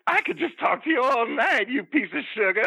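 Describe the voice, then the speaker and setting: A man's voice: very high-pitched, expressive, normal speed, gravelly, bright, forceful tone, breathy edge, dry recording, pitched above the performer's own voice, exaggerated voice, rough recording. A man voicing a flustered, bawdy old Southern belle who keeps gasping with hiccups as she rambles through scandalous gossip. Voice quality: gasping hiccups between phrases. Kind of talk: comedic character bit.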